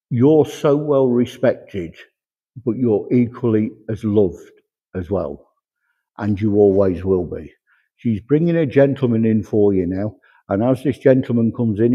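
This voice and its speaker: A man working as a medium at a church service, chattily passing on spirit messages with a steady run of "he says". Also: on the low side, husky. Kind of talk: platform mediumship demonstration. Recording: echoey hall, dull lo-fi sound.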